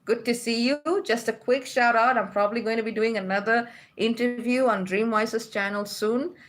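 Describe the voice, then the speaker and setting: A woman's voice: a little high, fairly even intonation, normal speed. A woman from Malaysia hosting a spiritual livestream in a casual, chatty way, reading out viewer comments and laughing often.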